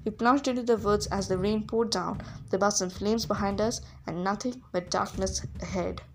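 A woman reading a novel aloud as a first-person narrator, lively, with occasional small slips. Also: medium pitch, normal speed. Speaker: audiobook reader.

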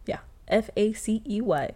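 A young woman co-hosting a podcast, telling stories in an animated, laughing, casual way with plenty of swearing. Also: mid-range voice, normal speed. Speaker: podcast co-host. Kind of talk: casual chat. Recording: faint background noise.

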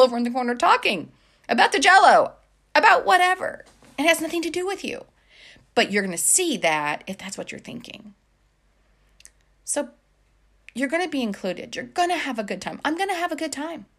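A woman's voice: high voice, fairly bright tone. A woman life coach giving casual, encouraging advice to viewers, chatty with many fillers.

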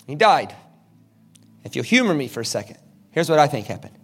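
Animated high-voiced preacher. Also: male voice, brisk, long pauses, breathy edge. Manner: animated, dramatic, with shouted peaks. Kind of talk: sermon with storytelling.

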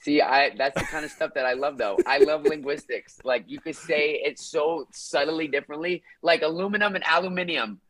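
A man who grew up in France, a guest on a podcast, chatting in an upbeat, playful and energetic way. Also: on the high side, normal speed, few pauses. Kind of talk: casual podcast chat.

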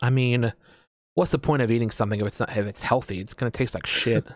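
A man's voice: medium pitch, fast, dry recording, studio quality. Rambling, casually swearing American guy. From United States. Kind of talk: casual chat.

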